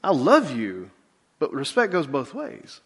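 A middle-aged man preaching a sermon as a pastor, in a relaxed conversational way with lively asides. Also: medium pitch, unhurried, breathy edge.

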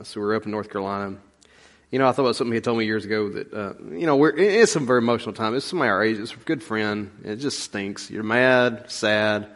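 A man giving a rambling, folksy sermon full of stories and fillers. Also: lowish voice. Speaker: pastor. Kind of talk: conversational sermon.

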